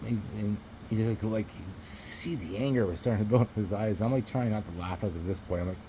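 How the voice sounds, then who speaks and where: A man's voice: lowish voice, fast talker, dark tone, a little hiss or hum, rough recording. A man vlogging to his phone camera, telling a rambling story in a casual, profane way and chuckling between remarks.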